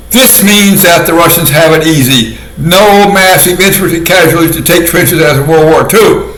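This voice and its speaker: A man giving a casual monologue commentary in a sardonic way, laughing often at his own dark jokes. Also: a little high, lively intonation, a little slow. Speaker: video commentator. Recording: echoey room.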